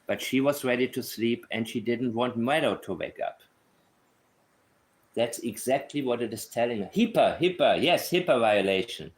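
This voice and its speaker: A true crime commentator talks casually about a case at a moderate pace, his voice medium in pitch. He's blunt and opinionated, working through his thoughts out loud.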